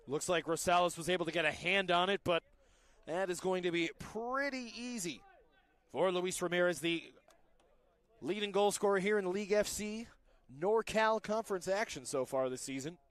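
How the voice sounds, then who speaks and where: A man calling a live amateur soccer match, chatty and joking, getting louder and quicker when play gets close to goal. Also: high-pitched, no room sound. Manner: chatty, joking asides, rising excitement on attacks. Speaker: play-by-play commentator.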